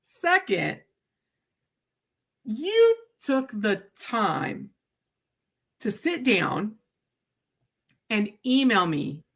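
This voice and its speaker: A woman's voice: medium pitch, a bit bright. A woman chatting on a live stream while she cuts paper crafts, blunt and joking, often laughing and tagging her sentences with "right?".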